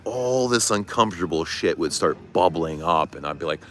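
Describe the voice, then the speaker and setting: Middle-aged man, very low voice, candid confessional livestream host. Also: a little fast, few pauses, bright, forceful tone. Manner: candid, confessional, swears casually. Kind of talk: casual livestream chat reading comments. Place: outdoors. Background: traffic noise.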